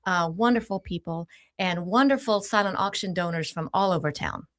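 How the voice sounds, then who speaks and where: A woman's voice: lowish voice, normal speed. A woman guest on a radio show promoting a charity event, cheerful and rattling off lists. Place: radio studio.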